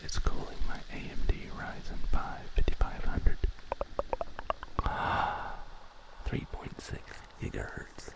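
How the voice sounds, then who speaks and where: A man whispering softly and slowly as an ASMR streamer, drawing out his words in a close-miked booth. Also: low-quality recording. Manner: slow, soft whispering with drawn-out words. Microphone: close studio microphone in a sound booth.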